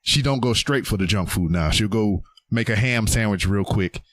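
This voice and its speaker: A laid-back man in casual podcast chat, crude and easygoing, often answering in short bursts. His voice sits low. The sound is dry and close, with no room in it. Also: moderate pace, no room sound.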